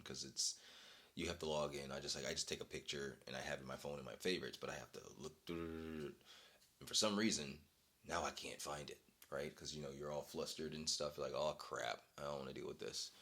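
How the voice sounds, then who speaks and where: A young man vlogging, telling an exasperated story in a casual, animated way and breaking into laughter. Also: very deep voice, moderate pace.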